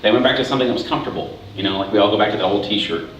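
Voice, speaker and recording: A man's voice: lowish voice, very fast, fairly bright tone, recorded from a distance. A man giving a casual, conversational sermon as pastor, often restarting and checking in with "right?" asides. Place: church hall. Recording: very echoey hall, voice from afar, faint hiss.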